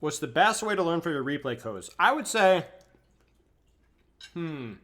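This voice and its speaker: A man's voice: fairly high pitch, measured pace. A young man coaching a video game on a live stream, chatting casually and answering viewers' questions while he eats. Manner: relaxed, answers chat questions while eating.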